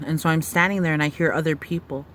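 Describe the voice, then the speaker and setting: A woman retelling a dream in a halting, searching way, with many fillers and restarts. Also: low-pitched, steady tone, a little hiss or hum. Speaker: storyteller. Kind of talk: personal testimony of a dream.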